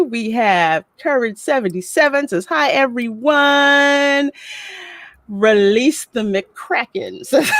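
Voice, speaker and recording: With a medium-pitched voice and no echo, a woman runs a laid-back livestream, chatting, laughing frequently, reading the chat aloud and greeting viewers by name.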